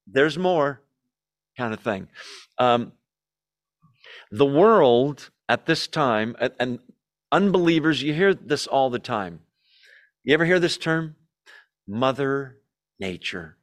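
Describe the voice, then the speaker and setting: A man's voice: slow, long pauses. A man preaching as a pastor, teaching verse by verse through a Bible passage in a conversational way, often asking his listeners questions. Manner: conversational, asks the audience questions, lively shifts in pitch.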